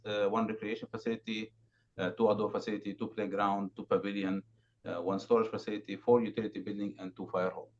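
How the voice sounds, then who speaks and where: A man giving a consultant's presentation at a council meeting, halting with many fillers and restarts. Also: on the low side, flat delivery. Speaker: building condition consultant presenting. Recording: dull lo-fi remote audio, faint noise.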